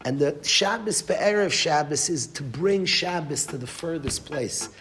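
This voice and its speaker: A man's voice: fairly high pitch, animated, a little slow, a bit bright, slight background noise. A man giving a Torah class as a rabbi, emphatic, repeating phrases and restarting mid-sentence, with Yiddish and Hebrew terms.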